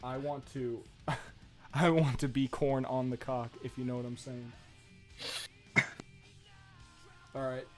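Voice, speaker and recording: A man's voice: medium pitch, takes it slowly, long pauses, soft background music. A young man and podcast co-host, telling a story in casual chat, swearing freely and laughing as he goes. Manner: profane, laughing, animated retelling.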